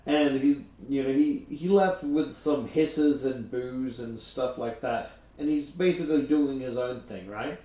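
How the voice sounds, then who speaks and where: In a warm, medium-pitched voice, a young Australian YouTuber unhurriedly reads a book aloud and retells it, barely pausing at all. His delivery is casual and rambling, packed with fillers and restarts, and the room adds an audible echo.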